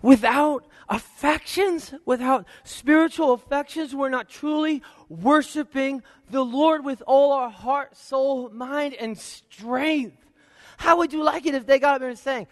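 A male pastor preaching a sermon, firing rhetorical questions and swinging between slow, weighty phrases and quick bursts. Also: extremely high pitch, no echo, clean studio sound, in a large hall. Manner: preaching with rhetorical questions, varying pace and loudness. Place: church sanctuary.

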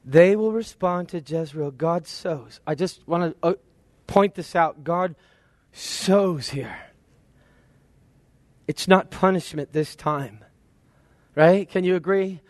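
Male preacher, high-pitched, emphatic expository sermon delivery, dry close sound. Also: no room sound. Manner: expository Bible teaching, reads scripture aloud and asks listeners to agree.

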